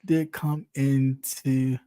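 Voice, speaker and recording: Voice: medium pitch, little pitch movement, very slow, mellow, no echo. An online commentator giving casual gossip commentary, blunt, profane and teasing, with frequent laughter.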